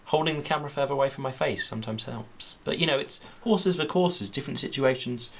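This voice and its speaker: A young man bantering with a friend behind the scenes of a homemade video, deadpan and rambling, with mock-pompous asides. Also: mid-range voice, fast, creaky. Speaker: video maker. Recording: distant mic with faint background noise.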